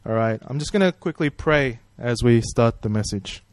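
A man's voice: medium pitch, lively intonation, moderate pace, no echo. A man preaching a sermon in a friendly, conversational way, praying and asking the congregation questions. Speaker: pastor.

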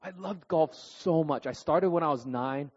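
A man in his thirties preaching through personal stories, animated and self-deprecating, tagging his sentences with "right?" and "okay?". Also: fairly high pitch, normal speed, slightly rough. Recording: dull recording with long hall reverb.

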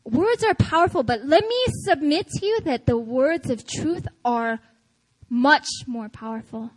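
Woman pastor, high bright voice, lively storytelling sermon with frequent laughs. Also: a little slow, rough recording. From United States. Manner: animated, chatty, frequent laughter.

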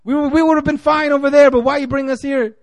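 A man's voice: very high-pitched, level tone, fast talker, no echo, clean studio sound, pitched above the performer's own voice. A man doing a whiny panicking leader. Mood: panicked. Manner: whiny, pleading, broken grammar. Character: panicking frightened male leader, whining.

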